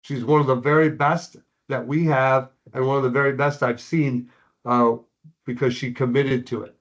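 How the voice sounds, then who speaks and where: A man's voice: mid-range voice, fairly even intonation, normal speed. Encouraging man on dull lo-fi audio. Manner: encouraging, praising, conversational. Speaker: sales coach hosting a lender coaching session. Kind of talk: casual introduction of a guest.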